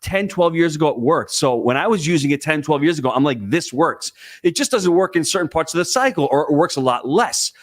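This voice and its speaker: A man's voice: a little high, lively intonation, quick pace, few pauses, dry recording. Man, conference panel speaker, emphatic coaching delivery, dry close sound. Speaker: conference speaker, real estate investor. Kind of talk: live panel talk. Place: conference stage.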